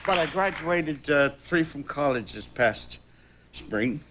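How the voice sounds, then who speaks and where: A man in his sixties, an actor guest telling animated stories with chuckles on a talk show. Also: on the high side, takes it slowly, slight background noise.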